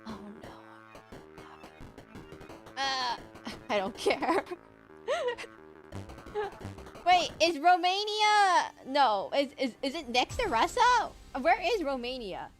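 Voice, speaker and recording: Woman streamer, high voice, giggly rambling chat, faint game music behind. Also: very animated, extremely slow, pauses often. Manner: giggly and rambling, chatting with viewers. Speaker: VTuber streamer. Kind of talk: casual livestream chat while gaming.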